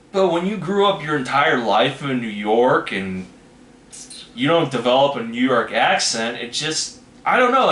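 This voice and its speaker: Hosting a casual trailer reaction, a man rambles and hedges, often saying "you know what I mean." His mid-range voice sounds pushed and bright, recorded in an echoey room with faint noise.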